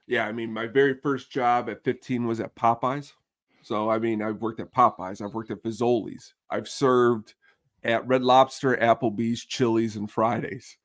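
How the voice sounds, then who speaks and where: A man's voice: mid-range voice, moderate pace. A middle-aged man, a podcast guest in casual chat, telling stories and acting out the people he quotes. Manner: animated storyteller who acts out the people he quotes.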